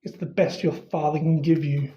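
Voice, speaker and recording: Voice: mid-range voice, steady tone, warm tone, lo-fi sound, lightly acted. A reader doing a sneering aristocratic wizard. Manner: slow, drawling, contemptuous. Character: sneering aristocratic wizard father, cold and cruel.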